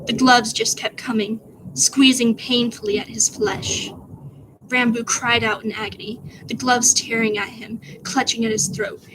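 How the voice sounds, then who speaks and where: A woman streamer reading her own spooky story aloud, soft and whispery, with giggly asides to chat. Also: a little high, background noise.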